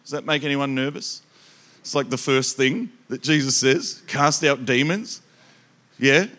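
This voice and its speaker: A man with an Australian accent preaching a sermon, telling comic stories in an animated, joking way and talking straight to the crowd. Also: medium pitch, a little slow.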